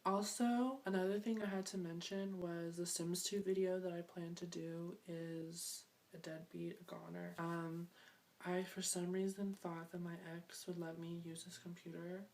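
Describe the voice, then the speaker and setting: A woman's voice: lowish voice, flat delivery, moderate pace, darkish tone. A young woman vlogging to camera in a playful, rambling, self-mocking way. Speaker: beauty and fashion vlogger. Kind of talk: casual chat to camera. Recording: distant mic with faint noise.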